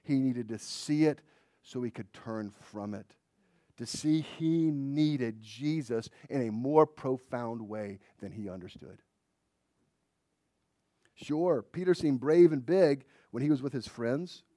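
A man preaching a sermon in a dramatic way, dropping to a hush and then rising to loud emphasis. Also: mid-range voice, slow pace, no room sound, clean studio sound.

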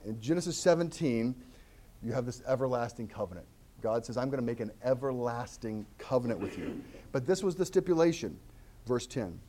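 Animated male preacher with a lively voice. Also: mid-range voice, brisk. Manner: animated, repeats words and restarts phrases. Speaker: pastor. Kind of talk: sermon.

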